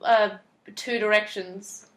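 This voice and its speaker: A woman's voice: mid-range voice, fairly even intonation, slow pace, fairly bright tone. A woman co-hosting a casual podcast, her voice sitting in an ordinary middle register. She talks through story events in a loose, chatty way, often slipping into the characters' quoted lines. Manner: chatty, recaps plot and acts out lines in quotes. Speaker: podcast co-host. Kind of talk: casual chat.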